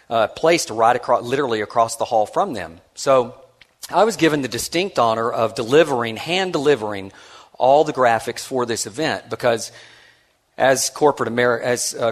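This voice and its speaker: Animated storytelling man on stage. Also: medium pitch. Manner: animated, acts out quoted voices; self-deprecating and conversational, with many restarts. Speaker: conference speaker. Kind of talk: storytelling keynote address.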